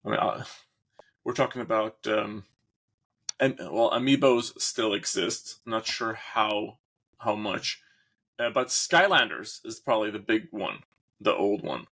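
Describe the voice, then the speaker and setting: A man's voice: on the low side, animated, measured pace, a bit bright. A man hosting a casual podcast, rambling and searching for words as he talks. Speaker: host.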